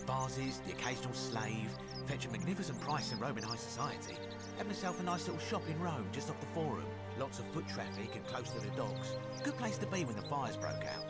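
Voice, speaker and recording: An actor playing a greedy, scheming Roman merchant in a video game, telling tales with sly boastfulness. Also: male voice, medium pitch, natural voice. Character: greedy scheming male Roman merchant, smooth con man. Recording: game audio with music behind.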